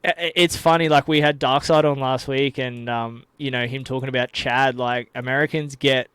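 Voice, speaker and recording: A man's voice: mid-range voice, fairly even intonation, normal speed, a bit bright, clear, resonant tone, no echo. A young man with an Australian accent chatting casually on a podcast, laid-back and full of fillers. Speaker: podcast co-host. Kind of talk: casual chat.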